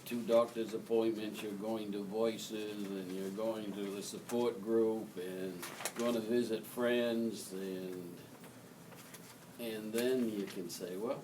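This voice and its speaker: A man with a lowish voice speaks slowly and thoughtfully on a discussion panel. He sits some way from the mic, and clear room noise comes through. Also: fairly even intonation, recorded from a distance. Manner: slow, measured, thoughtful. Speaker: panelist, parent of a brain injury survivor.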